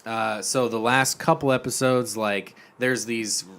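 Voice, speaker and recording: Male podcast co-host, casual chat, profane, animated retelling. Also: mid-range voice, measured pace, smooth. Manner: profane, animated storytelling with acted-out quotes.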